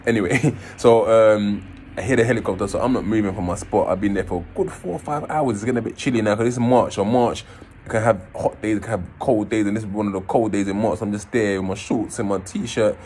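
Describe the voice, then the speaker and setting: A man, casually telling his own story in an animated way, swearing and acting out scenes. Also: fairly low pitch, fast talker, a little hiss or hum. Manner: animated, swearing, acts out scenes in raised voices.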